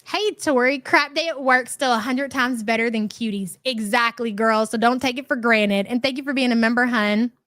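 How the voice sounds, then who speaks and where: A woman's voice: on the high side, steady tone, moderate pace, few pauses, fairly bright tone, no echo. A woman hosting a casual livestream commentary, sarcastic and scornful, greeting chatters by name as she goes.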